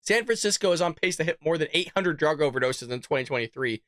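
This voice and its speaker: A man's voice: fairly high pitch, lively intonation, fast talker, fairly bright tone, dry recording, studio quality. Incredulous sarcastic male commentary host. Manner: talks straight to viewers. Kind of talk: reaction commentary on a news story.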